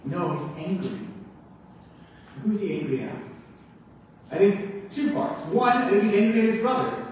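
A man's voice: sits high, sing-song, measured pace, pauses often. A man preaching a sermon in an earnest, explanatory way, asking rhetorical questions. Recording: echoey hall, mic far off.

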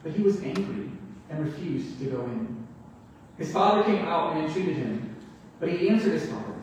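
A man's voice: on the high side, lively intonation, moderate pace, darkish tone, a little hiss or hum. A man preaching a sermon in an earnest, explanatory way, asking rhetorical questions. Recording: echoey hall, mic far off.

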